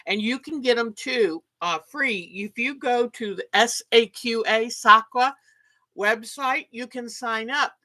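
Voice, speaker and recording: A woman's voice: medium pitch, pushed and bright. A woman hosting a casual livestream, chatting and reading out viewer comments with enthusiasm. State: sleepy, yawning. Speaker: livestream host.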